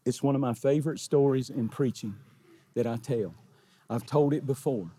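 A middle-aged man, preaching a sermon in a church sanctuary and often building to shouts. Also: mid-range voice, normal speed, slightly rough. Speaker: pastor.

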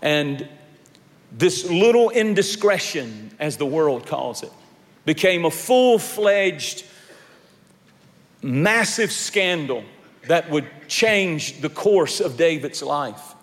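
A man's voice: on the high side, big pitch swings, takes it slowly, fairly bright tone, long reverb tail. A male pastor preaching a sermon, telling stories and rising to emphatic points. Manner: storytelling, rising to emphatic peaks.

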